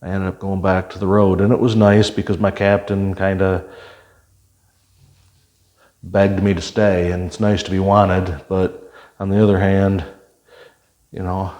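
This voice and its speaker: A man's voice: deep voice, flat delivery, unhurried, long pauses, a little mellow, muffled recording. An older man, a retired police officer, telling stories from his career in a plain-spoken way, with many fillers and restarts. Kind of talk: conversational storytelling.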